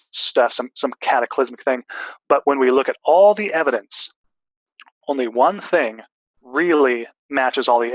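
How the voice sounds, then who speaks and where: A man's voice: mid-range voice, no room sound, dull audio. A man in a casual discussion, explaining at length with restarts and fillers.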